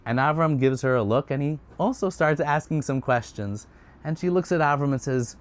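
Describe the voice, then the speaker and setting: A man retelling a story in a casual, conversational way, getting animated at times. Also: a little high, normal speed.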